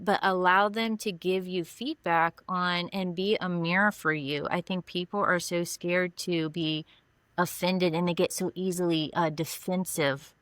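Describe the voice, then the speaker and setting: A woman's voice: fairly low pitch, fairly bright tone, smooth, no echo. Earnest woman counselor, dry close sound. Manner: earnest, explains with examples. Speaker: mental health counselor. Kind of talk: podcast interview.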